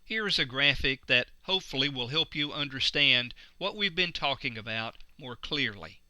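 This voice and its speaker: A man giving a recorded course lecture, slow and deliberate, stressing key words. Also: medium pitch, expressive, bright, forceful tone, dry recording. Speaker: instructor.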